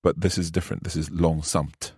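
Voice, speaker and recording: A man hosting a podcast language lesson, asking questions and repeating phrases slowly in casual chat. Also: sits low, flat delivery, a little mellow, slightly rough, dry recording, clean studio sound. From Scotland. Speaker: podcast host and learner.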